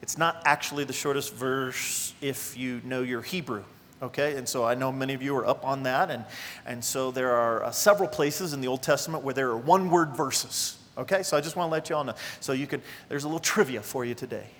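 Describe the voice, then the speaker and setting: A man's voice: mid-range voice, brisk, fairly bright tone, long reverb tail. A male pastor preaching a sermon in a conversational, emphatic way, speaking straight to his congregation.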